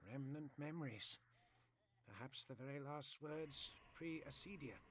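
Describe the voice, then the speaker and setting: A man voicing a calm, cold and condescending male surgeon-lord who speaks softly in a dry, aloof drawl. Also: mid-range voice, a little slow.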